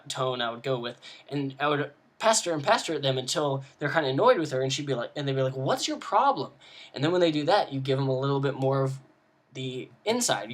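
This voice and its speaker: A man's voice: mid-range voice, fairly bright tone. Rambling man giving game master tips. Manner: rambling, many fillers and restarts. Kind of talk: casual video lesson.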